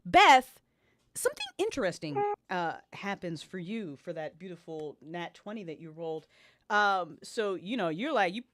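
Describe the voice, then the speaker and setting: A woman's voice: lowish voice, big pitch swings, moderate pace, a bit bright, no room sound. A woman narrating as game master of a tabletop game, in a casual, profane, rambling way.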